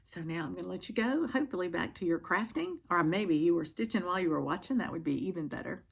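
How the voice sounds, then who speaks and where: A middle-aged woman chatting casually to camera from home as a stitching vlogger, with frequent ums and pauses. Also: lowish voice, expressive, creaky, a little hiss or hum.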